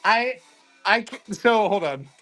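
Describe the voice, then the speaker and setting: Upbeat male stream host, high bright voice, chatty, faint music behind. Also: slow. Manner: excitable, chatty, greets viewers by name. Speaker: host of a card-opening livestream. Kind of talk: casual livestream chat.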